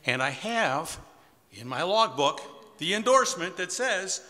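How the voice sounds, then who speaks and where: A man's voice: sits high, very animated, a little slow, bright, forceful tone. A man in his sixties telling a personal story to a live audience in an easygoing, wry, conversational way. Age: 60s. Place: community center hall with audience. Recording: long hall reverb.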